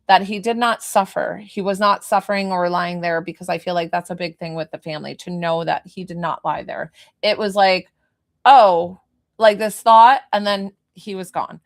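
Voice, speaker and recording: Gravelly-voiced woman medium, chatty. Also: lowish voice. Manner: chatty, informal, easily sidetracked. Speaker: spiritual medium. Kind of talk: live-streamed reading.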